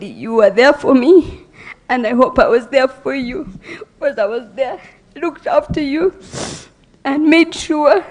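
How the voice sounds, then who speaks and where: A grieving woman giving a halting, emotional eulogy for her brother. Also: high-pitched. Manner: emotional, halting, voice breaking at times. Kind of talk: funeral eulogy.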